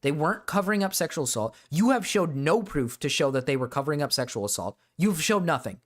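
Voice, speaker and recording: A man's voice: on the high side, lively intonation, fast talker. A man streaming a reaction to a video, ranting in a profane, exasperated way at his chat. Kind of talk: reaction commentary.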